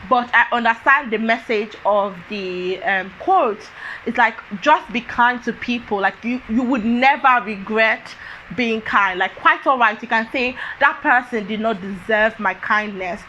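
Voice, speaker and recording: Bright-voiced chatty woman reviewing books. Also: a little high, measured pace, muffled recording, slight background noise. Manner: chatty, thinks aloud with many fillers. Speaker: book reviewer. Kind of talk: casual book review talk.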